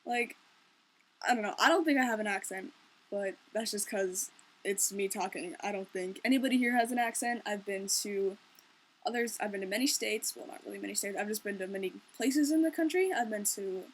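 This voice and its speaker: A woman's voice: mid-range voice, brisk, husky. A young woman from Minnesota chatting casually in a vlog, with a wry, joking, easygoing manner. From Minnesota, Twin Cities area. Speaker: vlogger. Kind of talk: casual unscripted vlog chat.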